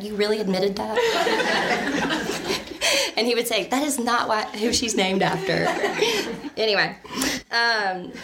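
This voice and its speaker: A woman's voice: a little high, very noisy. A woman, telling her family story in a chatty, casual way, often laughing and saying um. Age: 30s.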